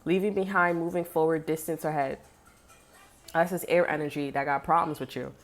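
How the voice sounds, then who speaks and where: A woman's voice: low voice, fairly even intonation, a little fast, music in the background. A woman giving a casual tarot reading, blunt and sassy, swearing freely and talking straight to the viewer. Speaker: tarot reader.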